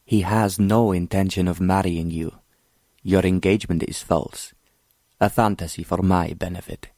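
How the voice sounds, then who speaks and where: A man's voice: low-pitched, fairly even intonation, moderate pace, vocal fry, a little mellow, dry recording, studio quality. A man playing an arrogant scheming prince who speaks coldly and mockingly. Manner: mocking, cold, condescending. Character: cold scheming foreign prince, arrogant villain.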